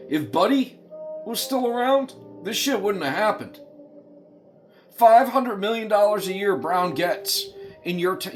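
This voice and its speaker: Brief: high-pitched male commentator, heated profane rant, faint music under. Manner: profane, impassioned, pleading. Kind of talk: angry political rant to camera.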